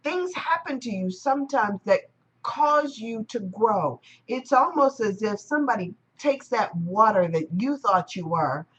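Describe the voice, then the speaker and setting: A woman's voice: a little high, animated, a little slow, a bit bright, slightly rough, muffled recording. A woman giving a live-streamed spiritual talk in a reflective manner, repeating and rephrasing her ideas. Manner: reflective, repetitive phrasing. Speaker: spiritual teacher.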